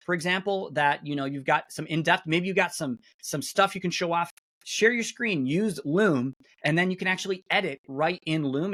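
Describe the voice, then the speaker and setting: A middle-aged man, a webinar guest speaker, casually walking through software on a shared screen, chatty and full of fillers and restarts, talking into a computer mic on a video call. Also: a little high. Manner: chatty, self-interrupting, many fillers.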